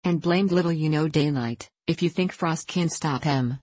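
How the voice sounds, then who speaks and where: A boisterous old male sourdough miner, drunk and scornful , voiced by a woman narrator. He talks in thick backwoods grammar. The voice is low and the sound dry and close. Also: normal speed, darkish tone, breathy edge, no echo. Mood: rowdy. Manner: rowdy, scoffing backwoods dialect.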